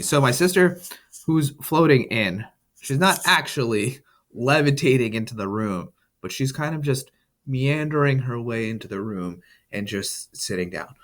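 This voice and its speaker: Low-voiced male writing tutor, casual explainer. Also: fairly bright tone. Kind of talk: reading a story aloud and explaining it to students.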